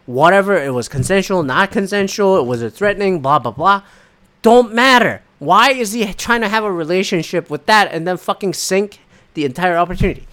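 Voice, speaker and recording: A man's voice: high-pitched, a bit bright. A man co-hosting a podcast, ranting in a casual, heated way, swearing often and rambling as he talks. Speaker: podcast co-host. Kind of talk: casual sports rant.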